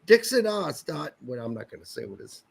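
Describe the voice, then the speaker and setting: Animated, higher-voiced man bantering on a podcast. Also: fairly quick, gravelly, husky. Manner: joking, swears freely, rambling asides. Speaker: soccer podcast co-host.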